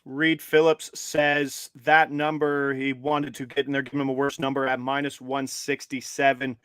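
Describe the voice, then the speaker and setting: A man's voice: mid-range voice, normal speed, clean tone, no echo. A man co-hosting a live sports betting stream, upbeat and walking viewers through each step. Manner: upbeat, steady and instructive, walks viewers through steps. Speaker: co-host.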